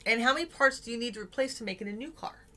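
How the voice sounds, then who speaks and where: A woman's voice: on the high side, very fast, bright, forceful tone. A middle-aged woman hosting a casual live stream, talking earnestly and sometimes searching for words. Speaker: host.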